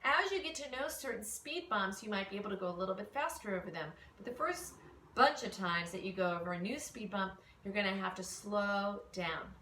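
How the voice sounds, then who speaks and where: A woman voice teacher explaining singing exercises in a relaxed way, with fillers. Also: mid-range voice, a little fast, slight background noise. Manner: relaxed explaining with fillers, demonstrates vocal slides. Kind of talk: instructional lesson. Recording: echoey room, mic at a distance.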